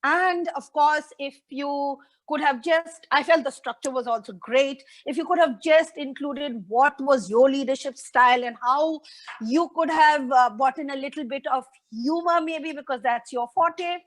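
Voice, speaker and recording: A woman with a high voice offering polite, constructive feedback on a speech she has just heard. She speaks over a video call. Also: unhurried. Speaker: speech evaluator. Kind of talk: giving spoken feedback on a speech.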